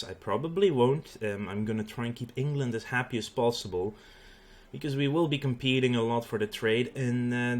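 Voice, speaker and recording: A Dutch man with a Dutch accent hosting a let's play, explaining the game in a casual way with frequent fillers. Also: medium pitch. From Netherlands. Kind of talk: gameplay commentary.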